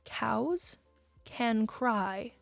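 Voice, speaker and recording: A woman's voice: fairly high pitch, lively intonation, gravelly, dry recording, soft background music. Chatty, emotional young woman streamer. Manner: emotional, chatty, quick to say she will cry. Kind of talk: casual live-stream chat reading viewer messages.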